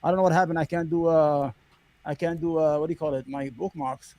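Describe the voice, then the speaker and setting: A man's voice: fairly high pitch, fairly even intonation, brisk, darkish tone. A man hosting a podcast, telling a story in a heated, profane casual rant. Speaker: podcast host. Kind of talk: casual current-events rant.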